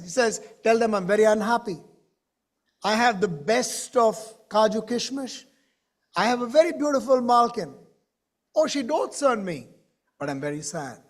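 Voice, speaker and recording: A man giving a conference keynote, talking to the audience directly and acting out the voices in a story he tells. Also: extremely high pitch. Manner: animated, acts out dialogue in his stories. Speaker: keynote speaker. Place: conference stage.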